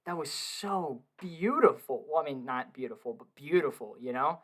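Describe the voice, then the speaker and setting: A young man chatting casually on a podcast from his home basement, excitable, swearing a lot and laughing often. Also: on the high side, moderate pace. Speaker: podcast co-host. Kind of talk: casual film review chat.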